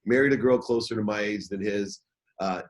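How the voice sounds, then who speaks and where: A middle-aged man telling a personal story as an interview guest, candid and halting, often repeating words as he starts over. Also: on the low side.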